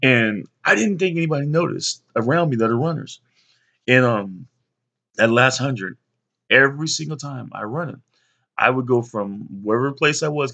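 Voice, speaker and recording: Young father, rambling casual storyteller, gravelly bright voice, mid pitch. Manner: rambling, many fillers, animated when quoting others. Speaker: father telling stories to his sons.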